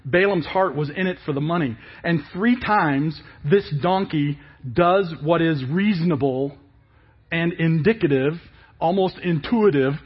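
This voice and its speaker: A male pastor preaching a sermon in an animated way, asking many rhetorical questions. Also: on the high side, slightly rough, highs cut off.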